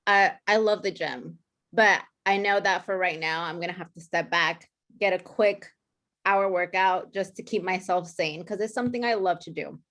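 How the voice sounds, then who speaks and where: A woman's voice: on the low side, normal speed, a bit bright. Chatty woman sharing on a coaching call. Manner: chatty, candid, with frequent ums and laughs. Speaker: coaching participant. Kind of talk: casual sharing in a group call.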